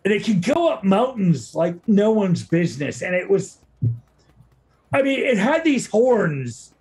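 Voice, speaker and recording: A man voicing bumbling male monster hunters in a high, hesitant, rambling voice. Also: sing-song, a little slow, a little mellow, exaggerated voice.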